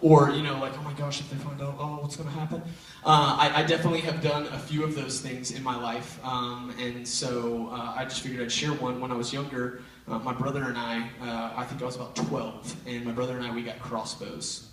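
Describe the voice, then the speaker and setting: A young man giving a youth sermon to students, telling a funny childhood story and jumping into loud, high voices for the kids in it. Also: flat delivery, brisk, few pauses, a little hiss or hum. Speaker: youth pastor. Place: large church auditorium. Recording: very echoey hall, mic at a distance.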